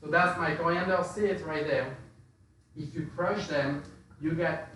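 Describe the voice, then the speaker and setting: A man explaining spices in casual talk, halting, with many fillers and restarts. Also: fairly high pitch, steady tone, a bit bright, slight background noise. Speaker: spice expert presenter. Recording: very echoey room, distant from mic.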